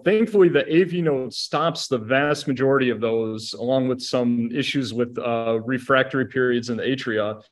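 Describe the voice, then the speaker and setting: Man explaining cardiac care, even-voiced. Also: mid-range voice, normal speed, hardly any pauses. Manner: explanatory, steady, with frequent "you know" fillers. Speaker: assistant medical director. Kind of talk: educational podcast discussion.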